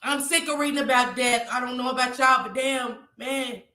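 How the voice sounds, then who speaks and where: A woman's voice: sits high, fairly even intonation, moderate pace, bright, forceful tone, reverberant. A woman vlogger talking to her viewers in an impassioned, tearful way and reading out their chat comments. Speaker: YouTube vlogger. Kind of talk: emotional livestream talk to viewers.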